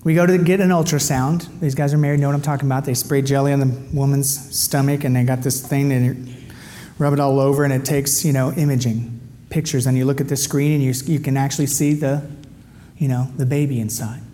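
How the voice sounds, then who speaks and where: A middle-aged man giving an animated storytelling testimony, his voice leaping up with excitement as he acts out dialogue. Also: mid-range voice, a little fast, a little hiss or hum. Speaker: speaker giving a personal testimony.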